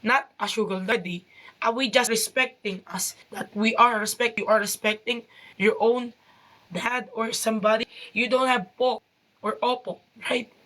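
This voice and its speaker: A Filipina woman with a Filipino accent, speaking halting, broken English in an angry appeal straight to her phone camera. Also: on the high side, steady tone, fairly bright tone. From Philippines. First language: Tagalog. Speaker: vlogger.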